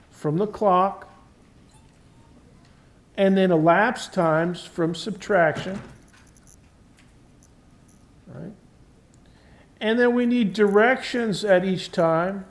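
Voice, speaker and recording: A man giving a university physics lecture in a conversational classroom style, often checking in with the class and stressing key terms. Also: sits high. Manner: stresses key words while explaining.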